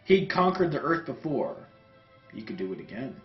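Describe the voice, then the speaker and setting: Animated man reading fanfic comically. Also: mid-range voice, moderate pace. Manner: animated, wry delivery. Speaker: host. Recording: roomy, dull sound, faint music.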